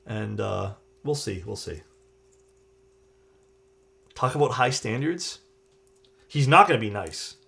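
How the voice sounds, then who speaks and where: Gravelly-voiced young man streaming casually. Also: lowish voice, animated, slow pace, long pauses, fairly bright tone. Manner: loose, rambling, swears casually, chats with viewers. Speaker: streamer building a keyboard. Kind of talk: casual live-stream chat while working.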